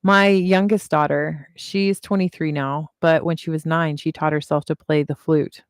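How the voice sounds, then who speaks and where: A woman's voice: sits low, fairly even intonation, normal speed, smooth, no echo, studio quality. A woman, giving a casual livestream tarot reading and chatting, repeating reassurances with chatty asides, seated at a table at home. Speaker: tarot reader.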